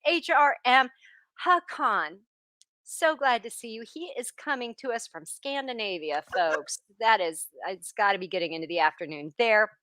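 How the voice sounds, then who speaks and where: A woman hosting a live-stream interview, excitable and gushing as she greets viewers and reads their comments. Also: on the high side, normal speed, slight background noise. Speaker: livestream interview host. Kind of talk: bubbly live-stream chat.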